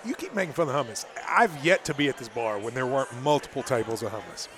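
A man's voice: medium pitch, sing-song, fast talker, a bit bright. A man co-hosting a podcast in casual chat, laughing and chatty, with the hiccups from hot sauce. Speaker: podcast co-host.

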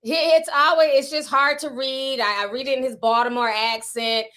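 A woman's voice: high voice, level tone, normal speed, a bit bright. A woman vlogger giving casual gossip commentary, chatty and slangy, often breaking into laughter.

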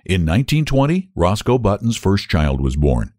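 A man narrating a story aloud with expressive storytelling. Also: low-pitched, normal speed. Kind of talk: audiobook narration.

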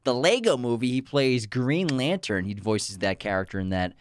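A man's voice: mid-range voice, animated, normal speed, a little hiss or hum. A man co-hosting a casual film podcast, chatting loosely, laughing often and quoting movie lines. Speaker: podcast co-host. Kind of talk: casual chat about films.

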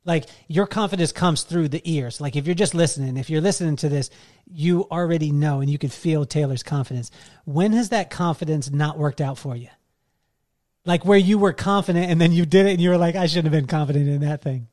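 A man's voice: on the high side, brisk, a little mellow. A man hosting a podcast, asking long, rambling, enthusiastic questions in casual chat. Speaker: podcast host.

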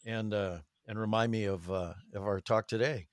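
A man's voice: fairly low pitch, fairly even intonation, moderate pace, dry recording, clean studio sound. An older man talking as a guest in a casual interview, reflective and conversational. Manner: conversational, reflective about family. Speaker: voice actor guest.

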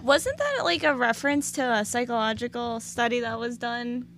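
A woman's voice: fairly high pitch, animated, normal speed, a bit bright, a little hiss or hum. A woman in a casual podcast chat, dropping short remarks. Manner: brief interjecting remarks.

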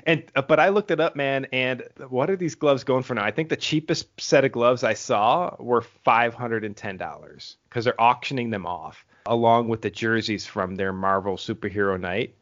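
A man hosting a podcast in casual chat, rambling quickly and laughing often. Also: mid-range voice, a bit bright. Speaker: podcast host. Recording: dull lo-fi audio.

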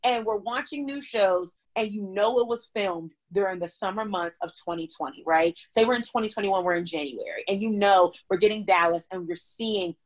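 A woman hosting a podcast, chatting casually about reality TV in a quick, rambling way that corrects itself mid-sentence. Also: medium pitch. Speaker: podcast host.

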